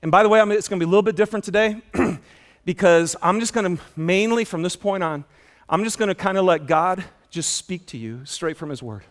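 A man preaching a sermon in an auditorium, telling stories with lively acted-out dialogue. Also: brisk. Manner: animated storytelling, acts out dialogue with loud high shouts. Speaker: pastor.

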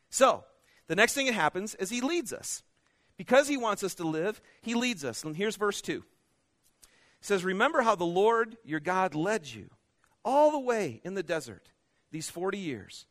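High-voiced preacher, loud then hushed. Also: male voice. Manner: swings from loud, pressing exhortation to hushed, intimate asides; speaks directly to the congregation with questions. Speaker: pastor. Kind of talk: sermon.

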